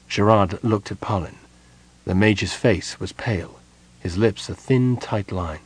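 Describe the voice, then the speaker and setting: A man reading a story aloud as an audiobook narrator, with measured delivery. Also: on the low side, breathy edge, dry recording. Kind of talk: scripted narration.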